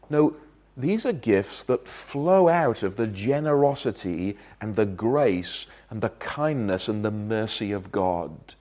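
A man preaching a sermon from Wales, earnest and emphatic, his loudness swelling and dropping as he makes his points. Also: mid-range voice.

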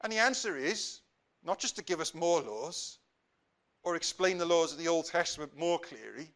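A man preaching a sermon, swinging between loud emphatic stresses and quiet earnest appeals, slowing down on key phrases. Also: a little high, expressive.

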